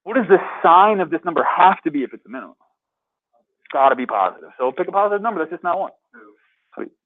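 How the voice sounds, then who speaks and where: A man's voice: sits high, expressive, fast. A man teaching a math class in a classroom, upbeat and quizzing his students as he works problems. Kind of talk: classroom lecture. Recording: tinny phone-like lecture capture.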